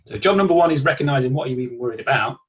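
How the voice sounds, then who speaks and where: Male workshop presenter on a video call, mid-pitched, conversational, acts out examples. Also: lively intonation, rapid-fire, a bit bright, muffled recording. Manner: conversational, uses acted self-talk examples. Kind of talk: live online workshop talk.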